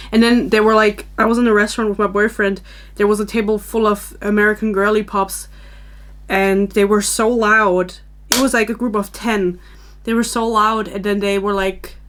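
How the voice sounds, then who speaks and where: A young woman from Germany hosting a podcast, chatting casually in a rambling, self-deprecating way, recorded on a camera-mounted microphone. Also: mid-range voice. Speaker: podcast host. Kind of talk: casual chat.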